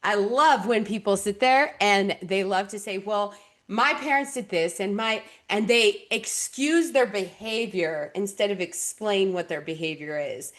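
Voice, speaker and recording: A woman in her thirties who coaches people on relationships holds forth on a podcast. She talks bluntly, swears freely, and acts out her clients' lines as she tells stories about them. Her voice sits at an ordinary middle pitch for a woman. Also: measured pace. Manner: blunt, profane, animated storytelling. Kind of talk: candid podcast conversation.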